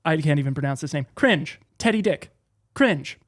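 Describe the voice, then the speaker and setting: A man's voice: fairly high pitch, expressive, normal speed, no room sound, clean studio sound. A man co-hosting a casual podcast, reading out comments and joking about them. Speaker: podcast co-host.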